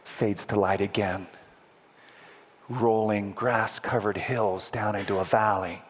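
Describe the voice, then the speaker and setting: A man preaching, telling a story in a dramatic, animated way with sound effects to a live congregation. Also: fairly low pitch, slow. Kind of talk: sermon storytelling. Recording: echoey hall with long reverb.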